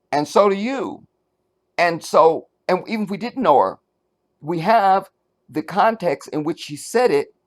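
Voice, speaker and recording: A man hosting his own opinion channel, talking straight to his audience. His voice sits a little high and swings widely in pitch. He keeps the tone casual, restarts sentences as he searches for words, and asks whether you're following. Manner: animated, talks straight to the viewer, asks if they follow. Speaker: commentary channel host.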